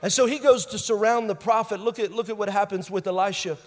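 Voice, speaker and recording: A male pastor preaching a sermon. He stresses key phrases by repeating them, and he moves between loud bursts and quiet, intense lines. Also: sits high, steady tone, quick pace. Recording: long reverb of a large hall.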